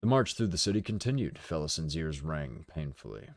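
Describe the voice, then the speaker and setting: A man streaming a dramatic reading of a novel, steady and deliberate, with casual asides. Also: extremely low pitch, dry recording, studio quality. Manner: steady, deliberate narration with occasional swearing asides.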